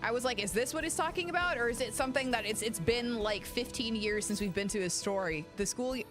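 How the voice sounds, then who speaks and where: A woman streaming a video game in casual, profane chat, swinging between low mutters and excited shouting over game music. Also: fast. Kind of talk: casual let's-play chat. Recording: game music playing behind.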